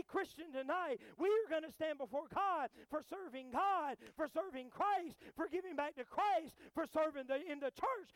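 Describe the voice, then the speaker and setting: A man, a pastor preaching a sermon, moving between quiet storytelling and loud, fervent exhortation. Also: very high-pitched, dry recording.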